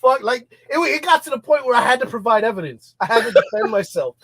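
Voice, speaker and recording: Young guy from New Jersey, high voice, casual profane storyteller, dry close sound. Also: fast talker, no room sound. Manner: profane, animated, laughs often. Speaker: podcast co-host.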